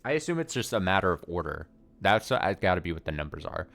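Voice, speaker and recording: A man with a low voice gives casual commentary while playing a puzzle game. He thinks out loud, swears freely and pokes fun at himself. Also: big pitch swings, quick pace, creaky. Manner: thinks aloud, swears casually, self-mocking. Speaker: let's play streamer.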